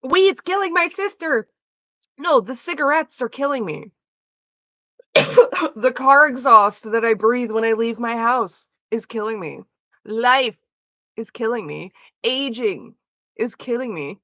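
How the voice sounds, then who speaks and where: A woman's voice: fairly high pitch, takes it slowly, pauses often, a bit bright, no echo, highs cut off. Blunt, foul-mouthed woman streamer. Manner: blunt, profane, sarcastic. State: coughing from smoking. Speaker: live streamer. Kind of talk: casual chat while gaming.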